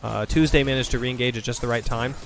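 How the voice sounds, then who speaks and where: A man commentating a video game match, breaking plays down quickly and thinking aloud. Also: mid-range voice, steady tone, creaky, faint music behind. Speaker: esports caster. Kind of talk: play-by-play and analysis commentary.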